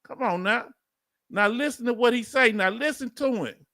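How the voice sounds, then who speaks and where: A man's voice: very high voice, normal speed, no room sound, clean studio sound. A middle-aged man from Houston with a Southern accent, commenting casually on a livestream and calling out to his viewers. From Houston, Texas. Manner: animated preacher-like call and response. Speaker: veteran YouTube host.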